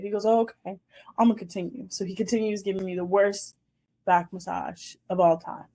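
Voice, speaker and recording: A woman's voice: medium pitch, steady tone, normal speed, warm tone. A woman in her twenties hosting a casual chat show, animatedly telling a dating story and acting out the scenes. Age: 20s. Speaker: host.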